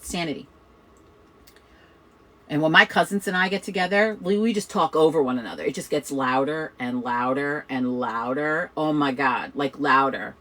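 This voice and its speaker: A middle-aged woman from Chicago with a New York accent, hosting a casual chat in a loud, fast, profane way. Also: low voice, low-quality recording. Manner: loud, fast, swears a lot. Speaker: host of a witchcraft chat.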